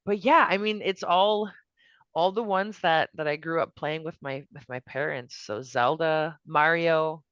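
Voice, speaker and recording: A woman's voice: sits low, unhurried, fairly bright tone. An upbeat woman chats as a podcast guest, restarting her sentences and tossing in casual slang. Her voice comes through a little dull and muffled. The sound is dry, with no room echo. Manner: upbeat, restarts a lot, says "dude" and "oh my gosh". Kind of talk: casual chat.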